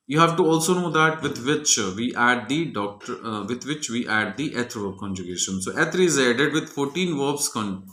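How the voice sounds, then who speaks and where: Male teacher explaining French grammar methodically, bright tone, roomy echo. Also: medium pitch. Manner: methodical, walks through each answer step by step.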